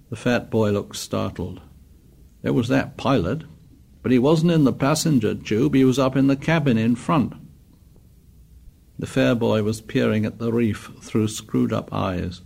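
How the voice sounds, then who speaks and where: A man narrating an audiobook in a measured, descriptive way. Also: medium pitch, gravelly, darkish tone.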